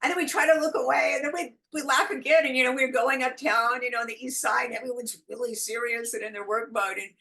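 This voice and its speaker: A middle-aged woman from the United States, a guest telling spiritual stories in casual interview chat, animated and quick to laugh. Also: on the high side, creaky, poor audio. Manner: animated storytelling, frequent laughs, acts out quoted voices. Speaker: guest, intuitive guide.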